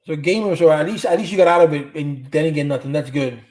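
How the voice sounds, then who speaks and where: A man's voice: fairly high pitch, steady tone, fast talker, darkish tone. A middle-aged man talks casually to his livestream viewers with a slightly raised voice. He rambles through stories and replies to comments, using street slang and plenty of cursing. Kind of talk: casual storytelling chat.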